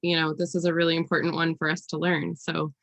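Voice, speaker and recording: A woman's voice: low-pitched, monotone, fast, gravelly, a bit bright. A young woman hosting a casual interview, friendly and upbeat, with a giggly laugh. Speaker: host.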